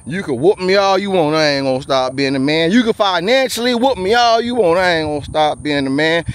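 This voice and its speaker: A man's voice: a little high, lively intonation, a little fast, clear, resonant tone. A man, talking to the camera in a preachy rant while walking outdoors on a bayou trail, sweaty and short of breath. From USA. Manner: loud, preachy rants with frequent laughs. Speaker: vlogger. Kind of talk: walking vlog monologue. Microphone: handheld camera while walking.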